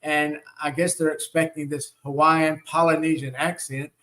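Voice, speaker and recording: A man's voice: fairly high pitch, flat delivery, normal speed, bright, forceful tone. A middle-aged man with a Southern US accent, hosting a live-stream teaching and talking in a folksy, rambling way with many fillers. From Southern United States. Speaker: spiritual teacher and show host.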